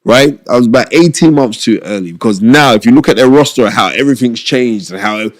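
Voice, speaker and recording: A middle-aged British man telling stories as a guest on an interview show, animated and acting out what others said in lively voices. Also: medium pitch, brisk, no echo. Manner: animated, acts out quoted people in raised voices. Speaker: boxing promoter and pundit, guest. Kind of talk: casual storytelling interview.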